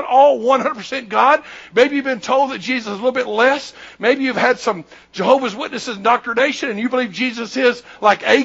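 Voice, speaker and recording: A man's voice: very high voice, creaky, fairly bright tone, breathy edge, lo-fi sound. A man in his sixties, a pastor preaching a sermon in an emphatic, repetitive, conversational way.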